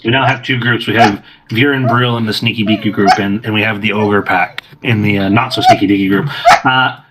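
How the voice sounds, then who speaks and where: A man's voice: on the low side, fairly even intonation, a little fast, very noisy. A man running a tabletop game as game master, narrating with frequent laughs. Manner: laughing often, rambling.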